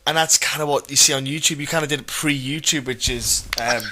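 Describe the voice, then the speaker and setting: A man's voice: medium pitch, fairly even intonation, a little fast, noisy background. A man hosting a podcast in a casual, eager way, often stumbling and restarting his sentences. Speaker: podcast host. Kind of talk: casual chat.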